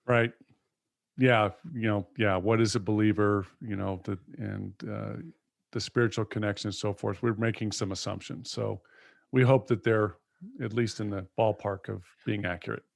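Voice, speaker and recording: A man co-hosting a podcast in a relaxed, easygoing way, laughing along with his partner. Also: fairly low pitch, normal speed, creaky, no room sound, studio quality. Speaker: podcast co-host. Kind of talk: casual podcast chat.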